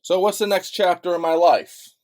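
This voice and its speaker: A man's voice: sits high, fairly even intonation, normal speed, darkish tone. A man from Chicago delivering a heated, sarcastic, profane rant straight to camera. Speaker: vlogger.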